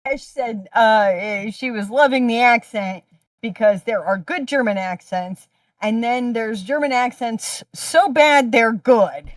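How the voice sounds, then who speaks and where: A woman's voice: a little high, a little slow, no echo, recorded from a distance. A woman co-hosting a livestream podcast, bantering playfully. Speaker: podcast co-host. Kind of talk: casual livestream chat.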